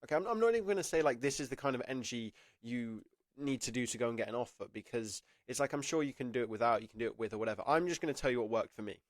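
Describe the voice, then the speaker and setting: Young guy vlogging advice, talks quick, rambles with lots of "like", dry close sound. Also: mid-range voice, lively intonation, no room sound. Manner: chatty, rambling, heavy use of "like"; self-conscious and laughing. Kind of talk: casual talk to camera.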